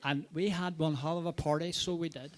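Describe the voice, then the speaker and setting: A man's voice: a little high, steady tone, brisk. A man with an English accent telling boisterous, swearing rally stories on a panel. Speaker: rally driver panel guest. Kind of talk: lively anecdotal panel talk.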